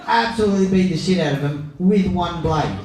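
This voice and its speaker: A man's voice: sits high, fairly quick, recorded from a distance. A young man hosting a comedy night as MC, brash and teasing the crowd, swearing freely. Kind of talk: stand-up crowd work. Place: pub function room on stage. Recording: echoey room, mic from afar, crowd.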